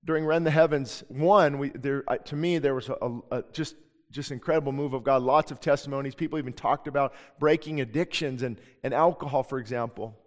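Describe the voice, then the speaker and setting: Earnest pastor preaching in a reverberant hall. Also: male voice, medium pitch, fairly even intonation, a little fast. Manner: earnest, emphatic, with frequent restarts. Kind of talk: sermon. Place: church sanctuary. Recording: long reverb of a church hall.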